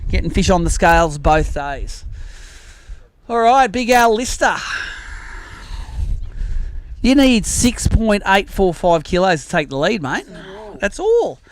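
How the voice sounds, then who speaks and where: High-voiced Australian man hosting a weigh-in. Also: expressive, unhurried, pauses often. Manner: joking, chatty, teasing anglers. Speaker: tournament host. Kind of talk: live weigh-in commentary.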